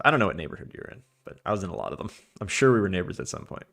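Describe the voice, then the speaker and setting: Gaming on stream, this Long Island, New York native with a matching accent rambles rapid-fire to his viewers, chuckling through the casual chat with hardly any pauses. His low voice has big pitch swings, vocal fry and a slight brightness.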